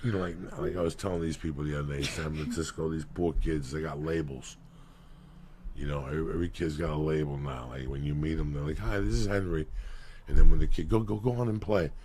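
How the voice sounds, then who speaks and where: A middle-aged man with a New York accent, telling a loud, profane story as a comedian. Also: rumbling low, little pitch movement, quick pace, slight background noise. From New York City.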